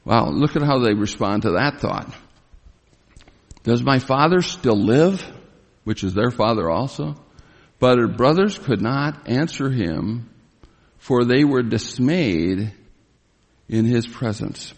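A man teaching through a Bible passage as a sermon, emphatic and rising in pitch when he retells the drama of a scene. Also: expressive, a little slow. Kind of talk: expository sermon. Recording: long reverb of a large hall.

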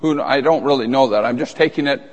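A man's voice: medium pitch, fast, muffled recording. A man preaching a sermon in a conversational, emphatic way, with asides and restarts. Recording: long reverb of a large hall.

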